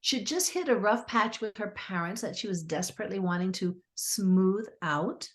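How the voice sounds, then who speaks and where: A middle-aged woman, a therapist and author, telling client stories in a lively conversational way and acting out what clients said. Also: medium pitch, moderate pace. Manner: animated, acts out clients' quotes. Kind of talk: conversational storytelling.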